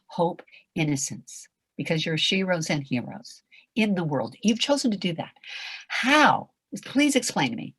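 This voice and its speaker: An older woman with a raspy, nasal voice, giving a passionate motivational talk as a voice acting coach on a video call, swinging from loud to whispered. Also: on the low side, dry recording.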